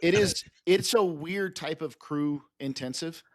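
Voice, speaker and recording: A man's voice: a little high, a little slow. A man co-hosting a podcast in casual chat, talking enthusiastically and rambling with restarts. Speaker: podcast co-host.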